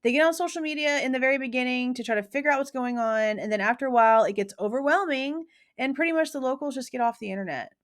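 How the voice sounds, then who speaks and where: A woman's voice: high voice, fast. A woman hosting true crime commentary, talking casually in a slangy, emphatic, opinionated way.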